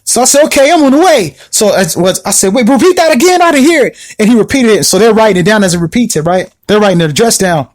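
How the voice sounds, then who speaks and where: A man hosting a podcast, telling a personal story in a casual, animated way, with many restarts and repetitions. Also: high voice, quick pace, few pauses. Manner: animated, acts out the people in his story. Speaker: podcast host.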